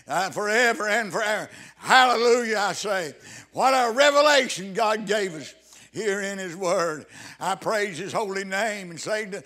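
A man preaching a sermon, fervent and halting, with frequent restarts that build to loud emphatic exclamations. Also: high-pitched, lively intonation.

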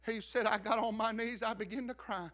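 A middle-aged man preaching a sermon as a pastor, telling a story and rising from quiet asides to shouts. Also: high-pitched, fairly even intonation, brisk.

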